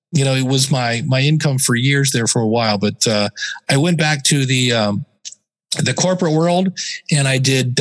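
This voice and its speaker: A middle-aged man, a podcast guest, telling stories in a casual interview and acting out the people he quotes in lively voices. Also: medium pitch. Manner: chatty, acts out quoted people in animated voices.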